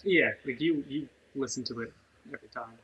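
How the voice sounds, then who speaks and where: A man's voice: medium pitch, brisk, a bit bright. A man co-hosting a podcast in casual chat, rambling along with lots of fillers. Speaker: podcast co-host. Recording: muffled lo-fi audio with faint noise.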